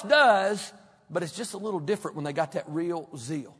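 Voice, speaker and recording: A man's voice: high-pitched, animated, moderate pace, fairly bright tone, breathy edge. A male pastor, delivering a folksy, humorous sermon full of stories to his congregation. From Kentucky. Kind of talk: sermon with storytelling. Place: church sanctuary. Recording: long hall reverb.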